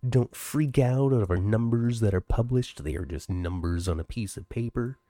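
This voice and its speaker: A man's voice: lowish voice, moderate pace, dark tone, dry recording, clean studio sound. A man co-hosting a podcast over a video call, chatting casually and laughing often. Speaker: podcast co-host. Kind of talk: casual chat. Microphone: home computer mic, video call.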